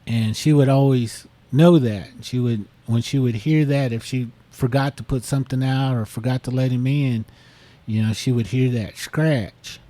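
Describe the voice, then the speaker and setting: Mellow man telling a rambling story. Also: medium pitch, steady tone, moderate pace, no room sound. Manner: rambling, many fillers. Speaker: podcast co-host. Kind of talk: casual storytelling.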